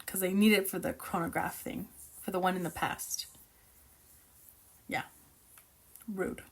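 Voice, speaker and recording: A woman chatting casually about a novel she is reading, excitable, opinionated and rambling as she reacts. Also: lowish voice, a little slow, gravelly, breathy edge. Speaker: book reviewer reacting while reading. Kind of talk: casual book reaction chat.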